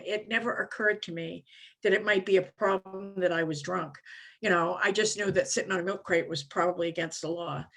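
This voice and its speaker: A woman in her seventies, from Maine, telling her own recovery story to a conference crowd. She rambles along in a loose, conversational way, filling gaps with "you know". She pokes fun at herself in a mid-pitched voice. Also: a bit bright. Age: 70s. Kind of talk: personal recovery story talk.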